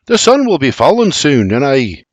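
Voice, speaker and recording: A man's voice: medium pitch, very animated, moderate pace, dry recording. A man voicing a proud, teasing father in a bluff brogue, in an audiobook. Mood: jovial.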